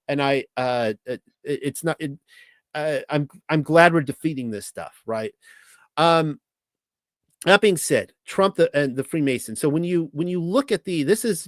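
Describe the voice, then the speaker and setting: A man's voice: medium pitch, dry recording. Rambling Californian man, dry close sound. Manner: rambling, halting, with many restarts and fillers. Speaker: host. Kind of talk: casual monologue.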